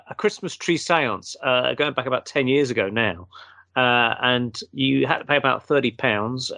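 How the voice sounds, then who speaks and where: A man, a guest, telling a long anecdote in a casual, animated way and acting out the quotes. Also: medium pitch, vocal fry, dry recording.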